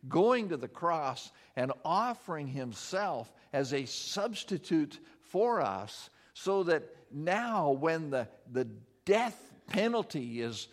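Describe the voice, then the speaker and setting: A man preaching a sermon as pastor, earnest, slowing down for emphasis and dropping soft and low when he prays. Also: very animated.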